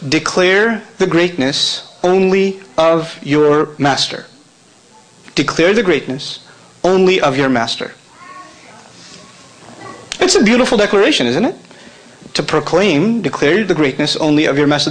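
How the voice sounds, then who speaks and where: A man's voice: high voice, rough recording. A man giving a conversational lecture to a live convention audience, joking and quizzing the listeners. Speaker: convention speaker.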